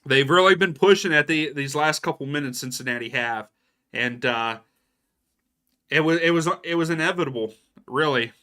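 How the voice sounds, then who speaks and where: A man's voice: on the high side, normal speed, bright, forceful tone. A young adult man doing casual live match commentary for a watchalong stream, reacting to plays and answering viewers by name. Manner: casual, reacts to plays and reads out chat names.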